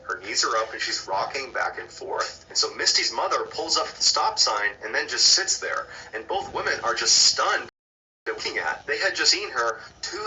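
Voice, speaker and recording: Man narrating a horror story, hushed and dramatic, very bright tone, far off mic, dull sound, faint music. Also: mid-range voice.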